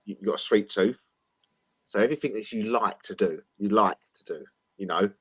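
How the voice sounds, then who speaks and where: A man's voice: on the low side, a little fast, breathy edge. A man co-hosting a casual talk show. He eagerly interprets a dream, stumbling over repeated words. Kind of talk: casual chat.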